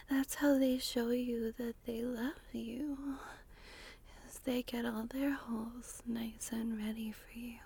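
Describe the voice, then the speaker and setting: A woman in a whispered intimate monologue, breathy and sighing, speaking slowly and lingering, recorded in a small closet. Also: fairly high pitch. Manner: breathy, sighing, slow and lingering, with soft laughs. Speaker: adult audio creator.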